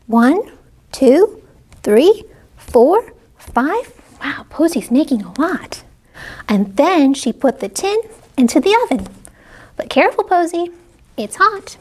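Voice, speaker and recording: A woman reading a children's story aloud in a gentle, exclamatory way, often pausing to ask young listeners questions. Her voice is high and her pace is slow and unhurried. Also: very animated. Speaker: children's librarian.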